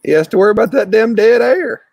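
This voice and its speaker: A man, co-hosting a casual podcast chat over drinks, talking in a fast, rambling, teasing way. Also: sits high, expressive, creaky, darkish tone, dry recording, dull audio. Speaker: podcast co-host.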